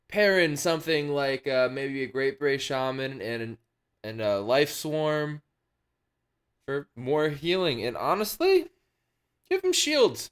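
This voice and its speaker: A man with a smooth, resonant voice hosts a hobby video in a casual, chatty way. He clowns around with showy announcer flourishes, then eases back into relaxed explanation. His pitch sits in the middle range for a man. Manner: playful, jokey, showman-like announcer bits. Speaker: wargaming channel host.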